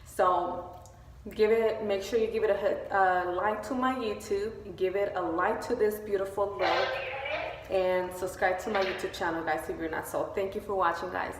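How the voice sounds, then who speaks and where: A woman's voice: mid-range voice, steady tone, moderate pace, a little hiss or hum. A woman beauty vlogger giving a casual, emotional update from her workplace, gushing and using many fillers. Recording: echoey, distant, faint store ambience.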